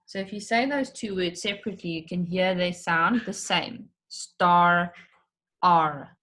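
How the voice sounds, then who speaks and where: A woman's voice: lowish voice, normal speed, fairly bright tone. A woman teacher giving an online lesson for children, explaining step by step and stretching out words to show their syllables.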